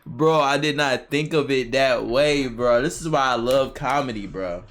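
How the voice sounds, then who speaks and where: A man streaming a reaction to a comedy special, chattering excitedly in slang-heavy casual talk. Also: medium pitch, moderate pace.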